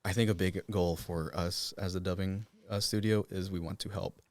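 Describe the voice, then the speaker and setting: A man's voice: low voice, fairly even intonation, normal speed. A young man from the Cherokee Nation, a voice actor guest chatting casually in an interview, with loose talk full of "like"s. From Cherokee Nation, Oklahoma. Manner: loose, filler-heavy talk, many "like"s.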